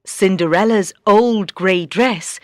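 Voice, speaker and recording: A woman narrating a fairy tale slowly and clearly for beginner English learners. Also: medium pitch, no echo, clean studio sound. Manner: slow, clear, expressive. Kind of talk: slow storybook narration for beginners.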